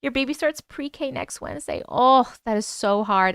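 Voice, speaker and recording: A woman's voice: fairly high pitch, animated, a little slow, fairly bright tone, clean tone, no echo, clean studio sound. A woman with a New York accent hosting a casual live stream, chatting and reading viewer comments aloud.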